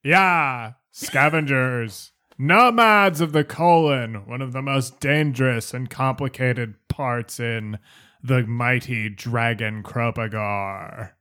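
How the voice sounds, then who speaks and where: Man doing a casual, deadpan mutant scavenger chief in a tabletop game. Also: mid-range voice, takes it slowly, clean tone. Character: mutant scavenger leader, matter-of-fact.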